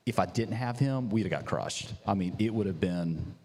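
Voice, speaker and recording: A man with a lowish voice telling his founder story in casual chat, bursting into animated quoted voices. The sound has a long reverb around it, like a large hard room. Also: normal speed. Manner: animated, acts out quotes with big pitch jumps. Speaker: business founder.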